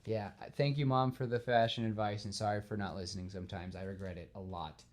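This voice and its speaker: A man hosting a podcast in casual chat, telling a story with lively acted-out scenes. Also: on the low side, fast talker. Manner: animated storytelling, acts out scenes. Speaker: podcast host.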